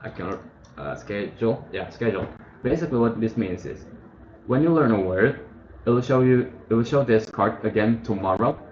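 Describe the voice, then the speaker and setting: A man's voice: fairly low pitch, lively intonation, moderate pace, darkish tone. A man casually walking through a study app on screen, thinking aloud and correcting himself as he goes. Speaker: tutorial host. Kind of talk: casual screen-share tutorial. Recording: muffled, echoey room with faint hiss.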